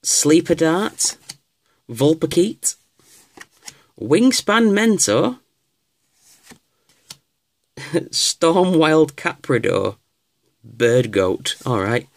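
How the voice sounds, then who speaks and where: A man casually opening card packs on camera, reading out card names with excited exclamations. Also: fairly high pitch, extremely slow, creaky, pauses often. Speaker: card pack opener. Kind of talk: casual unboxing commentary.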